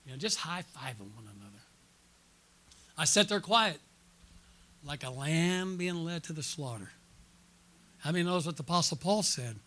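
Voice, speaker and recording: A middle-aged man, a pastor preaching a sermon at a church conference, telling a personal story and calling out to the congregation, rising to loud excited peaks and dropping to quiet asides. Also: fairly high pitch, normal speed, pauses often.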